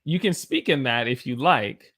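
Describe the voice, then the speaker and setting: A man's voice: mid-range voice, lively intonation, fairly bright tone. A man from the Southern United States with a Southern American accent, teaching English pronunciation in a live stream and drawing out each example word. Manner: slow, drawn-out demonstration of words.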